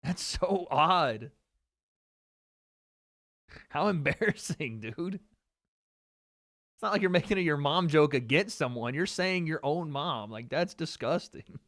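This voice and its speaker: A young man hosting a live watch-party stream, chatting casually and excitably, swearing freely as he reacts. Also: fairly high pitch, slow, pauses often, dry recording, studio quality. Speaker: livestream host.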